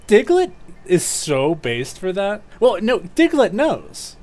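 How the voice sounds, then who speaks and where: A man streaming a game, commenting excitedly and laughing often. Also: high voice, slow. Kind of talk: let's play commentary. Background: game music.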